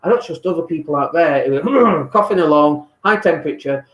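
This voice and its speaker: A man's voice: fairly high pitch, expressive, fairly quick, hardly any pauses, lo-fi sound. A man vlogging casually from his home, talking in a blunt, exasperated, ranting way. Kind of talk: casual lockdown vlog rant. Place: home in Spain. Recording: echoey room.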